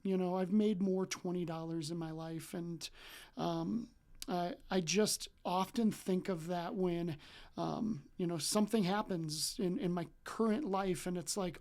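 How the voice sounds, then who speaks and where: Animated, chatty man in his forties. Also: unhurried. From Wisconsin, USA. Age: 40s. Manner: acts out remembered dialogue with jumps in pitch and loudness; loose and chatty, full of ums and likes. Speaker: relationship coach. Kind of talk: casual personal storytelling.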